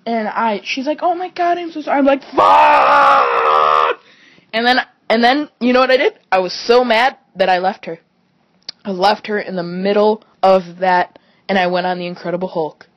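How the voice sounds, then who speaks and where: A woman's voice: mid-range voice, moderate pace. A woman telling a rambling story to camera in a casual vlog, swearing often and filling her talk with "like". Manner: rambling, swears a lot, constant "like". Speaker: vlogger.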